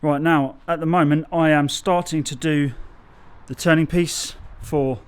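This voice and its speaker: A man's voice: a little high, steady tone, a little slow, smooth. Chatty bricklayer man. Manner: chatty, loses his train of thought, self-corrects. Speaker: bricklayer vlogger. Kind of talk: casual explanatory vlog. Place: outdoor building site.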